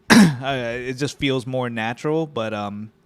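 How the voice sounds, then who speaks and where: A man's voice: mid-range voice, takes it slowly, smooth, no room sound. A man co-hosting a podcast in casual chat, laughing often. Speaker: podcast co-host.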